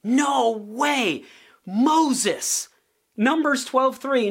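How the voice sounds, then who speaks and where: A man teaching as a podcast host, leaning hard on key words, slowing down to stretch them out and building up through lists. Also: high-pitched. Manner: builds to rising, animated emphasis on lists.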